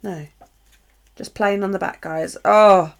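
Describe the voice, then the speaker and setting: A woman's voice: medium pitch, steady tone, slow, gravelly. A middle-aged woman with a British accent, chatting casually to viewers while unboxing craft supplies and gushing over them. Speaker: craft live streamer.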